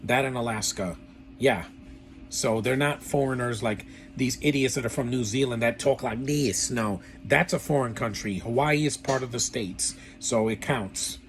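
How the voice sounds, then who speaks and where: A man's voice: medium pitch, normal speed, faint music behind. A man giving a casual, rambling film review with blunt opinions and lots of fillers. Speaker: movie reviewer.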